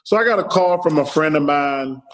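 Middle-aged man, podcast guest who tells stories in quoted dialogue, voice pitched slightly high. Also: expressive, moderate pace, low-quality recording. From Alabama, US. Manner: retells stories in quoted dialogue, keeps repeating "I said". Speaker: podcast guest, former pro athlete. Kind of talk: casual storytelling.

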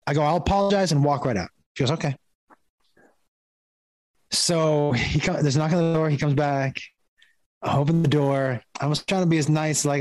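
In a dry recording, a middle-aged comic guest with a slightly high voice relates a funny story. He laughs often and does the voices of everyone he quotes.

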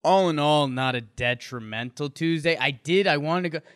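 A man's voice: a little high, moderate pace, a bit bright, clean tone, no room sound. A man co-hosting a casual podcast chat, dry and teasing in his jokes. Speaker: podcast co-host. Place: home.

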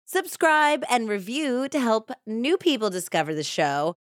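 A woman's voice: a little high, big pitch swings, unhurried, no room sound, studio quality. A woman in her thirties co-hosting a true crime podcast, chatting and laughing between scripted narration. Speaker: podcast co-host.

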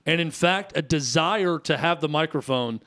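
A man's voice: on the high side, moderate pace, fairly bright tone. A man in his thirties co-hosting a radio talk show, telling stories in a chatty, rambling way. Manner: chatty storyteller, frequent restarts and fillers. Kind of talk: casual sports radio chat.

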